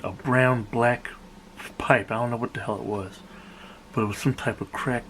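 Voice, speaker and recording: A man's voice: medium pitch, slight background noise, rough recording. Profane guy telling a story. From South Jersey, USA. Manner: animated, profane, acts out other people's lines. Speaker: vlogger. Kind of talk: casual storytelling.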